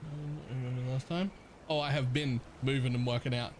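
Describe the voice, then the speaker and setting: A man's voice: mid-range voice, steady tone, a little fast, low-quality recording. Guy w half-aussie accent rambling on stream, laughs a ton, swears, bit of hiss. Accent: partly Australian. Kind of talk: casual live-stream chat.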